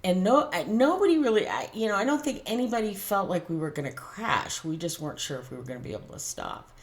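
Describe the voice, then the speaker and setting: A middle-aged American woman telling a personal story in casual, animated fashion, with frequent laughs and restarts. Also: mid-range voice, quick pace. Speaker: tarot channel host.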